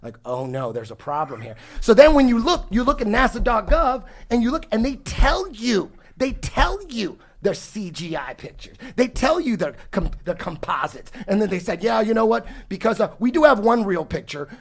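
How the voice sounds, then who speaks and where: A man in his forties, a guest on a podcast, spins a long story in casual conversation. His voice is very high and sing-song, moving at a moderate pace with few pauses, and he swears, rambles, and restarts often.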